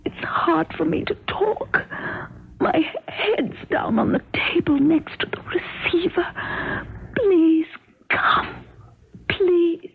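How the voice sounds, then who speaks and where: A woman's voice: on the high side, animated, normal speed, a little hiss or hum, close to an everyday voice. An actress playing a frightened young British countess and mother in a 1970s radio drama, speaking with a British accent in a desperate, pleading way. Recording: tinny old radio broadcast.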